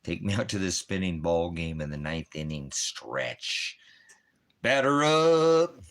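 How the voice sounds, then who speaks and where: The speaker is a man with a bass voice, a fairly bright tone and a little slow delivery. He hosts a ministry stream from home beside a dog and a fire, rambling casually through puns and rhyming wordplay.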